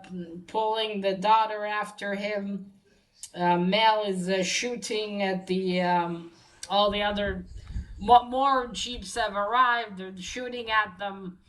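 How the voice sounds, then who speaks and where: Slow, halting woman recapping a story. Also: medium pitch, a bit bright, poor audio. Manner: halting, many fillers and restarts. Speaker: comic book reviewer. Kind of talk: casual plot recap.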